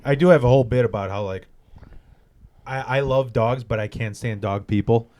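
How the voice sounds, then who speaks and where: A man appearing as a comedian guest on a podcast, chatting casually and riffing with swearing and quick restarts. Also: mid-range voice, dark tone. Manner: loose, profane comic storytelling with many restarts. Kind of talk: casual chat.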